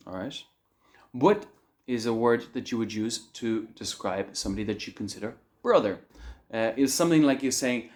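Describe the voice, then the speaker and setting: A man teaching an online English lesson on slang, lively and chuckling as he explains words. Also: medium pitch, moderate pace. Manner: lively, acts out example phrases with chuckles.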